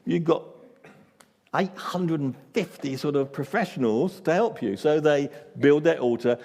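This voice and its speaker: A man's voice: mid-range voice, darkish tone, big-room sound. A male pastor preaching a sermon with dramatic storytelling and dry humor, in a church.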